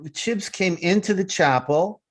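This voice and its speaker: A middle-aged man co-hosting a casual review podcast, emphatic and quick to react, swearing freely. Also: sits high. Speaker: podcast co-host, actor.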